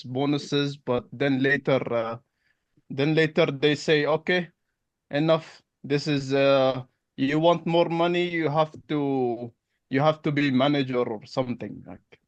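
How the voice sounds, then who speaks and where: A man's voice: on the high side, dry recording, close to an everyday voice. Guy playing a blunt accountant type, choppy repetitive talk, dry close sound. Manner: blunt, repetitive, broken phrasing. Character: blunt, direct male accountant prospect. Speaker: roleplay partner.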